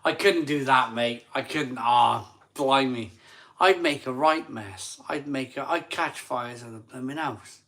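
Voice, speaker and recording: A man's voice: mid-range voice, measured pace, fairly bright tone. A man hosting a live stream, a bit drunk and tired, rambling and repeating himself as he reads out viewer messages. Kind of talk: casual live chat reading super chats.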